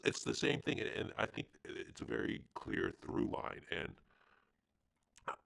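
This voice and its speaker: A man's voice: medium pitch, gravelly, fairly bright tone, rough recording. A man co-hosting a podcast, chatting about films in a hesitant, crude, offhand way. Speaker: podcast co-host. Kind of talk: casual film discussion.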